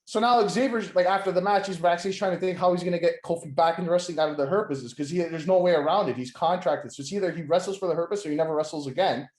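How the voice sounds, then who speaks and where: Rambling, high-voiced man in an echoey room. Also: rapid-fire, hardly any pauses, darkish tone. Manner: rambling, full of "like" and restarts, acts out quotes, swears. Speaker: podcast co-host. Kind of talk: casual wrestling podcast chat.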